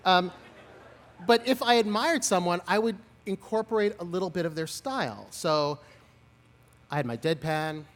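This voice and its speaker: A man's voice: high voice, normal speed, long reverb tail. A man in his forties giving a commencement speech outdoors, telling stories with humor and self-deprecating asides. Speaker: commencement speaker. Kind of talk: graduation speech. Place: outdoor lawn ceremony.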